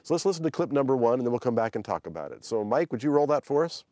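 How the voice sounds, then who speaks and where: A middle-aged man hosting a language-lesson podcast, explaining in a relaxed, chatty way. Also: mid-range voice, racing, no echo. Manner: relaxed, chatty, prone to restarts. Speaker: podcast host and language teacher. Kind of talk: explanatory teaching chat.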